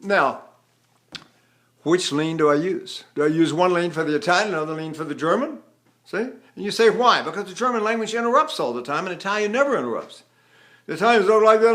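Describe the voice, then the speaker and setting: Brief: older male tenor coach, high speaking voice, animated teaching, drops into song to demonstrate. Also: a little fast. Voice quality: trained tenor voice. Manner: animated, breaks into sung phrases. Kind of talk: vocal lesson with sung demonstrations.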